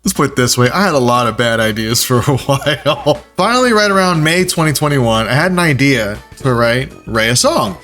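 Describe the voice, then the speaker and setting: Animated man telling a self-mocking story. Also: mid-range voice, moderate pace, hardly any pauses, faint music behind. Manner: animated and self-mocking, jumps into playful quoted voices. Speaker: video creator. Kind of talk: casual storytelling voice-over.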